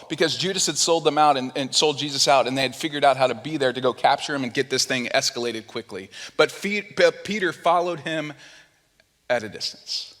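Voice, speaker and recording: A man preaching a sermon in a church, his voice sitting a little high for a man. He tells the story with life, putting on the voices of the people in it, then drops low and quiet when the point turns serious. A long hall reverb trails after his words. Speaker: pastor. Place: church sanctuary.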